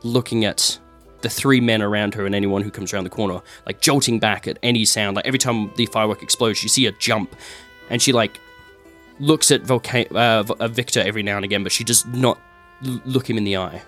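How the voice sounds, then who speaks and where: A man's voice: fairly low pitch, steady tone, a little fast, a bit bright. Guy running a tabletop game, lots of "like" and sound effects, faint music in back. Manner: descriptive, with filler and sound effects. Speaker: game master.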